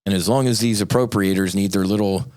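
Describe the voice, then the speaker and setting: A man with a somewhat low voice, speaking as a podcast guest and nonprofit founder. He rants in a profane, rambling way and slips sarcastic asides into his argument. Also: fairly even intonation, brisk, a little mellow. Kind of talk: impassioned podcast rant.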